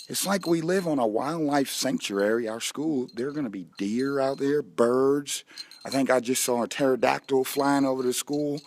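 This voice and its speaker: A middle-aged man with a goofy, playful manner, speaking outdoors on school grounds to children. His voice sits at an ordinary middle pitch, with faint noise in the open air behind him. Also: darkish tone. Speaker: school staff member promoting a fun run. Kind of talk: joking promotional video for kids.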